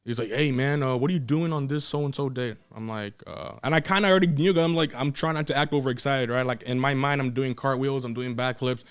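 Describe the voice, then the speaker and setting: A man's voice: mid-range voice, quick pace, hardly any pauses, clear, resonant tone. Young man telling a wrestling story. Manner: animated, laughs often, acts out quotes. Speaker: podcast guest, wrestler. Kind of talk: casual storytelling.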